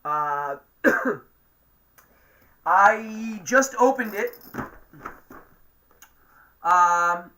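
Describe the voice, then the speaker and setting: A man's voice: sits high, animated, very slow, pauses often, bright, forceful tone. A man with an East Coast accent hosting a livestream show, chatting in a rambling, enthusiastic way. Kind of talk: casual livestream chat.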